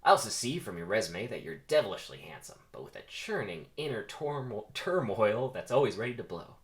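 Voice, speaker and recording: A man's voice: lowish voice, sing-song, a little fast. A man reading the part of a volatile male movie star in a comedic script reading, hammy and mock-menacing. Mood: heated.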